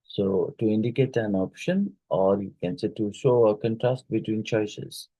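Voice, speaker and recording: A man's voice: on the low side, a little slow, dark tone, no echo, lo-fi sound. A male teacher going through exam questions, reading each one aloud and then reasoning out the answer. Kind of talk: exam question review lesson.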